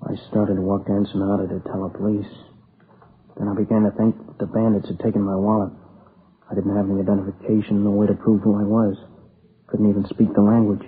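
A man's voice: on the low side, flat delivery, natural voice. A man playing a shaken young survivor. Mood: weary, shaken. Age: young adult. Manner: halting, broken restarts, near tears. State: exhausted. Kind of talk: 1950s radio crime drama. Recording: tinny lo-fi old broadcast with hiss.

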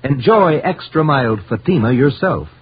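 Lively old radio commercial announcer man. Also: mid-range voice, a little slow, breathy edge, lo-fi sound. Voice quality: upbeat, persuasive. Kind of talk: sales pitch.

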